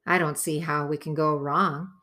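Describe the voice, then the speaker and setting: A woman voicing a responsible teenage boy who leads the group in an audiobook, steady and reasonable. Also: sits low, normal speed. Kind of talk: audiobook character voice.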